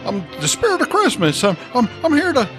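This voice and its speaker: A man's voice: extremely high pitch, wildly swooping pitch, over music, voice pushed up, heavily acted. Man doing a stammering old-time movie-star ghost. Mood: pleading. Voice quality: halting, drawling stammer with "I tell you". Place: podcast studio.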